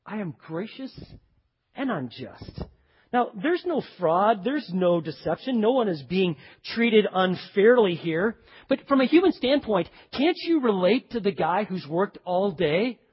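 A man preaching a sermon, telling a parable with animated storytelling and acting out the characters' voices. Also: high voice, unhurried, husky. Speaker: pastor. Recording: dull echoey hall.

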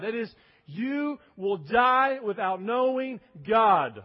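A man's voice: extremely high pitch, animated, slow, highs cut off. A man preaching a sermon, emphatic, acting out quoted voices as he goes. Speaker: pastor.

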